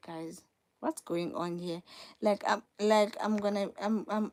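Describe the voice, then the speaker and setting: A woman's voice: mid-range voice, steady tone, unhurried, darkish tone. A young woman hosting a casual live stream from her phone, talking straight to viewers and repeating herself for emphasis. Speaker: livestream host.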